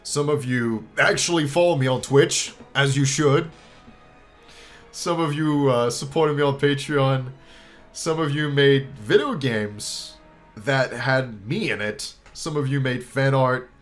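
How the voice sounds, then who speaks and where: A young man giving a heartfelt farewell to his viewers, choked up and halting, pausing and restarting, with casual swearing. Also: mid-range voice, faint music behind. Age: young adult. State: choked up, near tears. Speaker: YouTuber.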